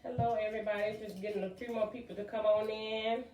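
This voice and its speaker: A woman's voice: mid-range voice, fast, far from the mic, a little hiss or hum. Chatty woman host in an echoey room. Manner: chatty, excitable, many fillers. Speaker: podcast host. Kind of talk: casual live-stream talk show.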